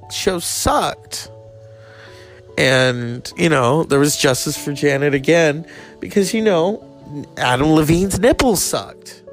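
A man hosting his own show, ranting crudely and rambling in casual comedy style. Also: fairly high pitch.

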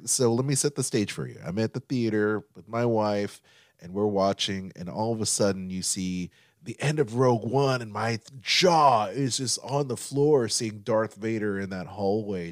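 Man, low voice, dry close sound, excited storyteller, podcast co-host. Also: no room sound. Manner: excited storytelling, acts out quotes. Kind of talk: casual chat.

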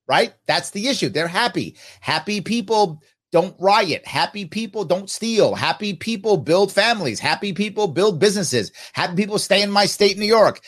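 A podcast host answers viewer comments casually, his voice sitting high. He's animated and emphatic, posing rhetorical questions to himself.

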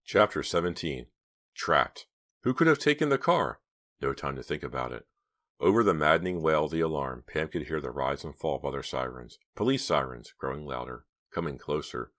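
A man narrating a suspense novel as an audiobook, reading in measured, suspenseful short phrases. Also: rumbling low, a bit bright.

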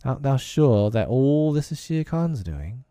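A man's voice: medium pitch, big pitch swings, unhurried, mellow, no room sound, clean studio sound, pitched above the performer's own voice. A man voicing an earnest, bold boy raised by wolves in a storybook reading. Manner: earnest, eager.

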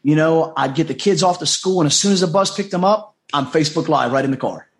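A middle-aged American life coach appears as a podcast guest, sharing a personal story with earnest, heartfelt emotion. He talks fast in a slightly high voice, repeats himself often, and acts out the dialogue he quotes.

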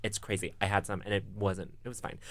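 A podcast co-host in casual chat, jokey, with quick interjections. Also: sits low, level tone, a crowd in the background.

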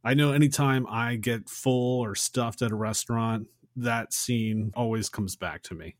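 A man's voice: mid-range voice, a little slow, no echo, clean studio sound. A man co-hosting a podcast, casually retelling a movie scene and acting out the characters' lines. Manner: retells scenes and acts out quotes. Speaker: podcast co-host.

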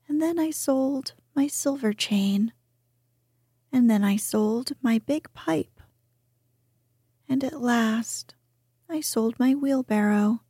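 Woman doing a meek earnest gardener, whispered role-play, breathy, slightly higher, slow. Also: dark tone, dry recording, clean studio sound, full character voice.

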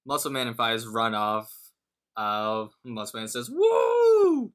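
A man's voice: on the low side, level tone, measured pace, bright, forceful tone, clear, resonant tone. A man co-hosting a podcast, casually retelling a cartoon episode scene by scene and quoting the characters' lines in a lifted voice. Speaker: podcast co-host.

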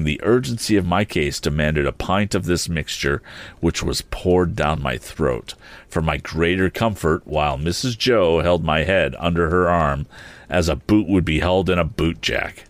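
Deep voiced guy reading an old novel aloud, calm steady pace. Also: no room sound. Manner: measured, steady storytelling. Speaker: narrator. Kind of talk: audiobook reading of a classic novel.

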